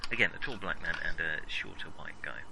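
A man's voice: low voice, a little fast, vocal fry, low-quality recording. A man running a tabletop horror game as game master, narrating scenes with frequent ums and uhs and playful sound effects. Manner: hesitant, full of ums, lively sound effects.

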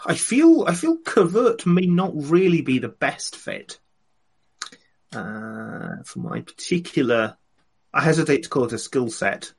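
A man playing a tabletop game, speaking in a wry, hesitant way with many ums and pauses. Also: fairly high pitch, big pitch swings, vocal fry, a little mellow, husky. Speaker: player. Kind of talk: casual tabletop game chat.

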